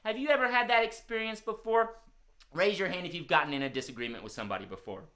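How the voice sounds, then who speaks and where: A man's voice: high-pitched, quick pace, bright, forceful tone. A man hosting a live-streamed children's music show, talking cheerfully straight to young viewers.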